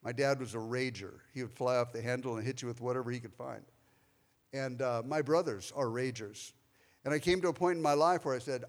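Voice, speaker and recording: A man's voice: medium pitch, brisk. A man preaching as a pastor, telling a personal story and speaking straight to members of the congregation. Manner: personal, confessional storytelling with asides to listeners. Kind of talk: sermon. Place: church sanctuary. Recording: long hall reverb in a church.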